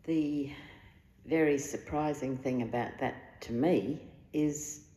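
A woman interviewer asking gentle, measured questions. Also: a bass voice, a little hiss or hum. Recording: echoey hall with long reverb.

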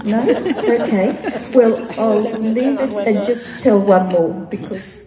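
A woman's voice: on the high side, animated, slow pace, a loud crowd. An older Australian woman chatting and telling stories, chuckling and getting a little emotional as she talks. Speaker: guest sharing testimonies. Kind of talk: casual storytelling. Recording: dull echoey hall audio.

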